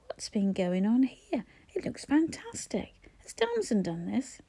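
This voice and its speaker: An easygoing grown son, earnest and a little bewildered, in a novel read aloud, as a woman narrator voices him. Mellow, warm tone captured close with no room sound. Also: a little high, wildly swooping pitch, a little slow, slightly rough, no echo, heavily acted. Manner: earnest, mildly confused. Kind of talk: audiobook character voice.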